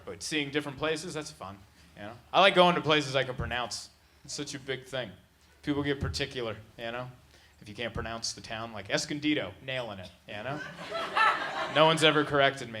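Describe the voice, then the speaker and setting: A man from San Diego performs a stand-up set, telling stories and acting out the voices of the people in them. His mid-range voice is bright and forceful. It's a live show at a comedy venue, with a laughing audience and crowd noise.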